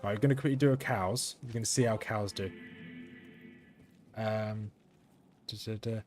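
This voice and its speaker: A man with a flat, monotone delivery giving casual gameplay commentary as the channel's host, rambling, correcting himself and chuckling now and then. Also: lowish voice, moderate pace, pauses often, faint music behind. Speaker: gaming video host.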